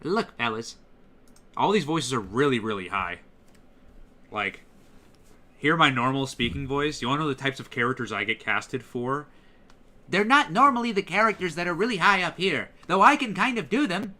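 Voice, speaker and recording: A man chats loosely on a game stream and breaks into character voices to show his range. His voice is bright and sits fairly high for a man. His pitch is very lively. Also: normal speed. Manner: animated, slips into voices to demonstrate. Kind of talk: casual stream chat.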